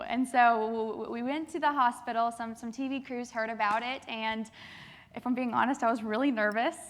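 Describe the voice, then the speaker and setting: A young woman giving a keynote speech to a youth assembly, telling lively stories with acted-out quotes. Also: on the high side, a little hiss or hum. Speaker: keynote speaker. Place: large assembly hall.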